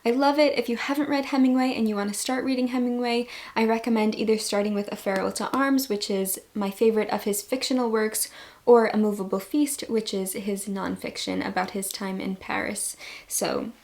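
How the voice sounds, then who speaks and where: A woman's voice: medium pitch, fairly even intonation, a little fast, darkish tone. A young woman in a casual book review vlog, talking to her viewers with gushing enthusiasm about the books she loves. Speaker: book vlogger.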